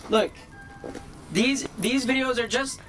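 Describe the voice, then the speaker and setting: A young man chatting casually in a vlog, rambling and excitable, swearing now and then. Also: very high-pitched, slow. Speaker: video creator.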